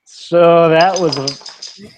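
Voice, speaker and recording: A man's voice: fairly high pitch, drawn-out words, noisy background. Playful man playing a tabletop game. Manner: eager, playful, jokes and laughs while describing actions. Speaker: player.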